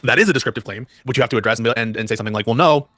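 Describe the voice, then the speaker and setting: A man's voice: medium pitch, fairly even intonation, very fast, sharp tone, no room sound. A man on a podcast panel, making careful, wordy points, his voice worn from a long day of talk. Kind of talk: heated podcast debate.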